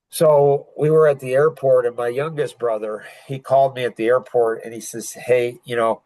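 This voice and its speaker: An older man telling a painful personal story as a podcast guest, halting and full of restarts. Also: medium pitch, no echo, rough recording. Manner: halting, emotional retelling with many restarts.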